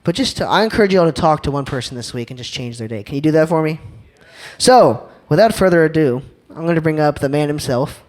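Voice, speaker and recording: A young man gives an energetic church talk, throwing questions and jokes at the crowd. His voice sits a bit high for a man, and he keeps it bouncy and informal. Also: fast. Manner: lively, joking, asks the crowd questions. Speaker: youth speaker.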